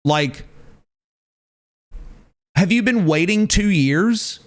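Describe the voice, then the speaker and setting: A man's voice: high voice, extremely slow. A male streamer chatting live, ranting emphatically and repeating words for effect. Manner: animated, ranting, emphatic repetition.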